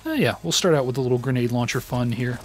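Man, mid-pitch, casual gameplay host, rambling and self-mocking, faint music underneath. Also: lively intonation, quick pace. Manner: self-deprecating, rambling with many fillers. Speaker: let's play host.

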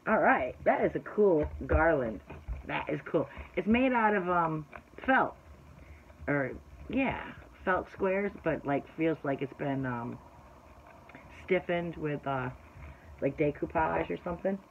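A woman's voice: sits low, expressive, slow pace, narrow, tinny audio, slight background noise. A woman vlogger and shop owner chatting through an unboxing haul. She rambles, talks straight to her viewers and sometimes slips into an exasperated rant.

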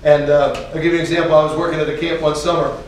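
A man's voice: fairly high pitch, level tone, racing, slight background noise. A man telling funny anecdotes in a chatty, meandering way, often restarting and laughing as he goes. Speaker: speaker. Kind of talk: storytelling talk with jokes. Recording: distant, echoey room, faint ambience.

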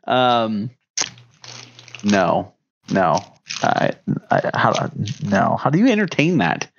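A man's voice: fairly low pitch, very animated, takes it slowly, creaky, pauses often, lo-fi sound, a little hiss or hum. Skeptical man picking a theory apart. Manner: skeptical, exasperated pushback. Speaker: podcast co-host. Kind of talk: casual joking chat.

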